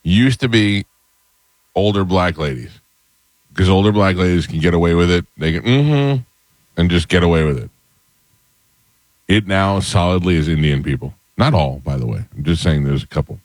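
A middle-aged man hosting a talk show, telling funny stories in an animated, chatty way and acting out the quotes. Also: low-pitched, moderate pace, long pauses, no echo. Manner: animated storyteller, acts out quotes. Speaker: radio show host. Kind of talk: casual storytelling chat.

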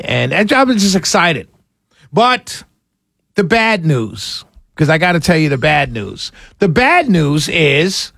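Animated high-voiced man ranting. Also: creaky, no echo, clean studio sound. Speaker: radio show host. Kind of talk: opinionated talk radio monologue.

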